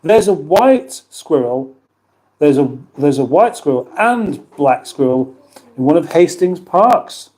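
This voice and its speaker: A man's voice: a little high, expressive, slow pace, a little mellow. A middle-aged British man hosting a casual livestream, chatting in a rambling, self-mocking way and reading out viewer comments. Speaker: livestream host.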